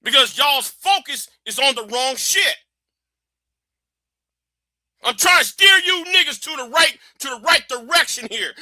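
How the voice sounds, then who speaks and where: A man hosting a live stream, ranting in a heated, profane way that keeps rising into shouts. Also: very high voice, animated, moderate pace, hardly any pauses, no echo, studio quality. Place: warm indoor room with a fan.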